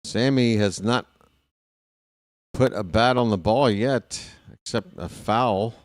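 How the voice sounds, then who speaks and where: A man's voice: lowish voice, slow pace, no echo, clean studio sound. A man calling a baseball game live as a fan play-by-play host, rooting openly for his team in a chatty way. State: hiccups.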